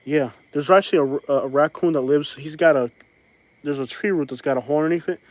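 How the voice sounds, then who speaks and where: A man's voice: on the high side, fast talker, no echo. A man, chatting casually on a live stream from outdoors on his rural property, rambling with lots of fillers and restarts. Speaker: vlogger hosting a live stream.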